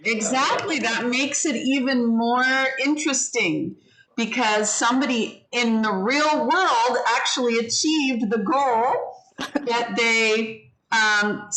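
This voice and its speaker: Woman teacher, encouraging, slow delivery, bright tone, video call. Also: fairly high pitch, rough recording. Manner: encouraging, explains pronunciation patiently. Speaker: English teacher. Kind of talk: online class feedback.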